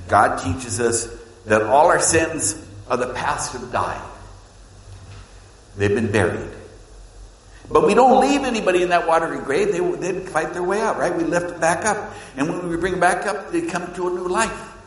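A man preaching a sermon as pastor, swinging between loud emphasis and hushed, low lines. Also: expressive, moderate pace. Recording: echoey hall with long reverb.

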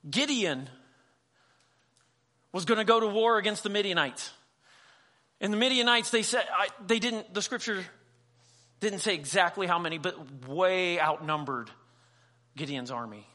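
Bright-voiced pastor, high for a man. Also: measured pace, pauses often. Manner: conversational, acts out dialogue in quoted voices; humorous asides. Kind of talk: sermon.

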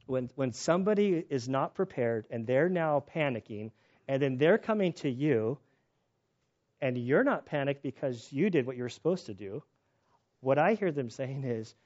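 Animated man preaching, lo-fi sound. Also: mid-range voice, moderate pace. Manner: animated, acts out quoted voices, self-interrupting restarts. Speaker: pastor and chaplain. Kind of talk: sermon with personal storytelling.

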